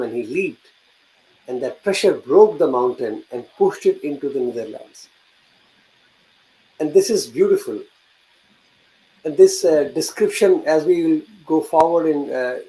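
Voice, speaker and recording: A man leads a devotional talk, explaining ideas in a reflective way. His voice is mellow and a little high, and he sometimes reads a passage aloud. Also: animated, moderate pace, low-quality recording. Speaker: host.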